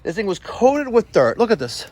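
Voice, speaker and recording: A man, vlogging outdoors while servicing air conditioners, excitable and quick to exclaim and laugh. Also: high-pitched, background noise. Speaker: plumbing and HVAC contractor. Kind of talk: on-the-job vlog. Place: outdoors at a house.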